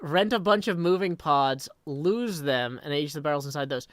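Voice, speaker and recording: A tired man chatting casually on a live game stream, rambling, correcting himself and thinking out loud. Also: fairly high pitch, expressive, normal speed, no room sound. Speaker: Minecraft streamer.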